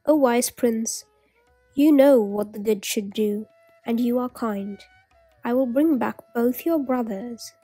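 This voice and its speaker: A woman's voice: fairly high pitch, slow, dark tone, slightly rough, dry recording, soft background music. A woman voicing a cunning male water sprite in a storybook reading, asking a testing question. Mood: admiring.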